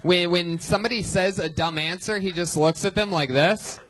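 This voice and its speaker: A man hosting a live comedy show, telling stories in an animated, laughing way. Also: sits high, normal speed, rough recording. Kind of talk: live comedy panel banter. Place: live comedy club stage.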